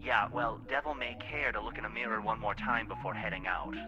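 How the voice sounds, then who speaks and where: A snarky male bunker computer, voiced by a man in a comedy sketch, delivering dry insults. Music plays clearly behind him. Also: fairly low pitch, a little fast, dull audio, lightly acted.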